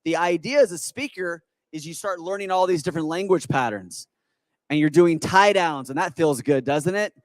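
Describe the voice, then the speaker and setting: Man, expo stage speaker, energetic, persuasive, rhetorical questions, high voice, dry sound. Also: moderate pace, no echo. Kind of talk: live stage talk to an audience. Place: conference hall with audience.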